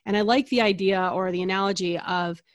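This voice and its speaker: A woman's voice: mid-range voice, fairly quick, dry recording. Chatty woman, dry close sound. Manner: chatty, acts out little dialogues. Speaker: energy healer guest. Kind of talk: casual conversational interview.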